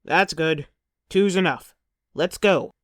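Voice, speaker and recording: A woman voicing a jovial male Viking crewman who speaks in a loud, dismissive, rallying way. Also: on the low side, slow, dry recording, studio quality. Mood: hearty.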